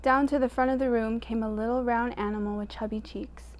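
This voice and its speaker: Woman storyteller, slightly high voice, reads aloud to kids, lively with soft hushes. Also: brisk. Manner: expressive, drops to a hush at quiet moments. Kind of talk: reading a picture book aloud to children.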